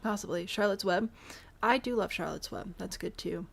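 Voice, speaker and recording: A woman's voice: mid-range voice, normal speed, gravelly, husky. A young woman from the US Midwest with a mild Midwestern accent, chatting casually on a live stream, thinking aloud and answering chat while she builds in a game. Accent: mild Midwestern American. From Michigan, US Midwest.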